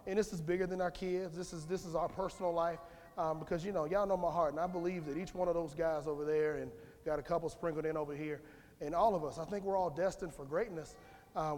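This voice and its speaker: A man giving an informal, conversational sermon in church, rambling with restarts and calling on the congregation. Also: on the high side. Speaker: lay speaker giving a church message. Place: church sanctuary. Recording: long church hall reverb.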